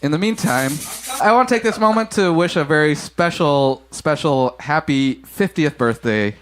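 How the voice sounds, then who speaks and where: A man with a fairly high speaking voice hosts a relaxed podcast, chatting casually with friends. He is playful and laughs easily between points. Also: moderate pace, slight background noise. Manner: laughing, playful, trying out a mock accent. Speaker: podcast host. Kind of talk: casual chat.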